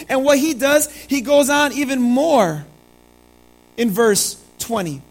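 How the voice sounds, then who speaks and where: A preacher giving a sermon told in first person as a biblical prophet, with dramatic storytelling that swings from loud emphasis to hushed, low delivery. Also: animated, slow, low-quality recording.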